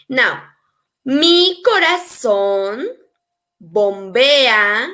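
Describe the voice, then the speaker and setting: Woman teacher, slow n patient, bright high-ish voice, soft music behind. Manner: patient, repeats phrases slowly for learners. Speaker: Spanish teacher. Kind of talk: slow explanatory language lesson.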